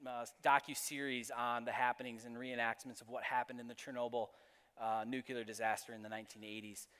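A man's voice: a little high, fairly bright tone, clean tone, in a large hall. A man giving a sermon as pastor, speaking in a conversational, personal storytelling manner.

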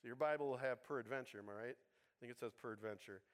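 A man's voice: medium pitch, fast. A man giving a sermon in a casual, conversational way, with humorous asides and frequent rhetorical checks with his listeners. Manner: conversational, keeps asking the congregation "right?". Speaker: pastor.

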